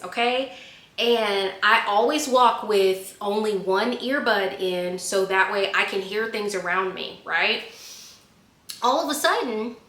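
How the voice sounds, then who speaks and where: Woman vlogger, 20s, lively storyteller, bright tone, roomy sound. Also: mid-range voice. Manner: animated storyteller, laughs at herself. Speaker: vlogger answering viewer questions. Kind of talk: casual chat.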